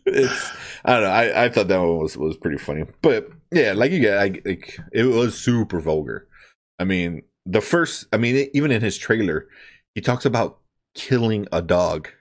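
A man's voice: fairly low pitch, moderate pace. A man hosting a podcast, chatting casually about comedy specials, laughing often and filling his talk with "like" and "you know". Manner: animated, laughs often, many fillers. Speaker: podcast host. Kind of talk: casual chat.

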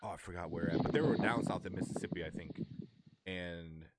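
Low-voiced man chatting casually. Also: brisk, heavy background noise. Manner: lots of "you know" and "like" fillers, trails off softly. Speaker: movie discussion co-host. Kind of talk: casual chat.

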